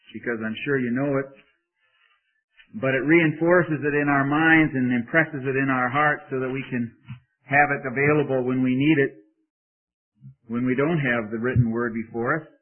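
A man's voice: mid-range voice, moderate pace, pauses often. A man preaching a sermon in an earnest, humble way, reading scripture with strong emphasis. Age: adult parent. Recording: tinny phone-like sound.

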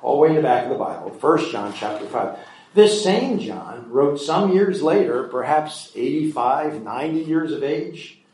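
A man's voice: a little high, expressive, normal speed, a little mellow. A man preaching a sermon, reading scripture verses aloud and then explaining them in a conversational way. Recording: echoey room.

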